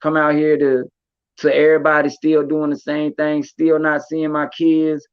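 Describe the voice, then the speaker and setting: High-voiced streetwise man, lo-fi. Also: monotone, normal speed, clean tone, dry recording. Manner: streetwise, repeats words, many fillers. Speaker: podcast host. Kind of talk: casual storytelling chat. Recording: dull lo-fi recording.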